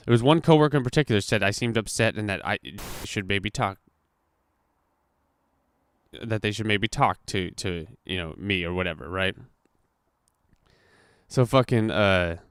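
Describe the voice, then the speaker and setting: A man's voice: fairly low pitch, smooth, no room sound, studio quality. A young man hosting a podcast, casually telling a story with lots of swearing and acted-out quotes. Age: young adult. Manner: profane, animated retelling with acted-out quotes. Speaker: podcast host.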